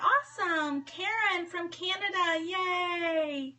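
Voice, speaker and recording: A bright, high-pitched woman in her thirties chats bubbly and fast with her live viewers. She calls out names one after another and talks on a phone or tablet mic in her home office. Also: lively intonation. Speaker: livestream host. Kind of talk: casual live-stream chat greeting viewers.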